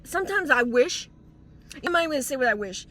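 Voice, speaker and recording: She talks fast in a high, expressive, somewhat bright voice: a young woman with a slight lisp from dental aligners, ranting through a casual life-advice vlog. She gets heated and exclamatory and swears a lot.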